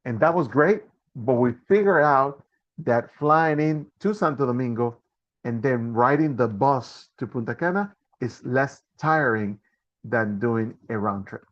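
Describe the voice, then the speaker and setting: A man's voice: medium pitch, a little slow, muffled recording. A man hosting a live online Q&A about a trip, talking with many fillers and restarts. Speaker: host and trip organizer.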